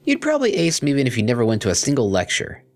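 A man's voice: mid-range voice, wildly swooping pitch, racing, pitched above the performer's own voice. A man voicing a brash, cocky young female unicorn DJ who talks in a slangy, teasing way. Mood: bossy.

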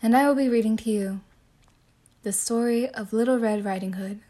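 A woman telling a classic fairy tale as a soothing bedtime story, with gentle, measured narration. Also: on the high side.

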